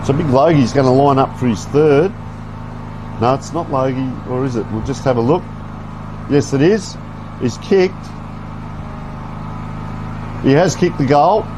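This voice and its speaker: A man's voice: medium pitch, unhurried, pauses often, background noise. A man giving folksy, chatty live play-by-play commentary on a local football game. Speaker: sports commentator. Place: outdoor football ground.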